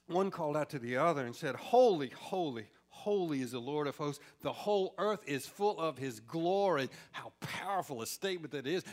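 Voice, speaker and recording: A man preaching a sermon, swinging from loud exclamations to hushed whispers. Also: high-pitched.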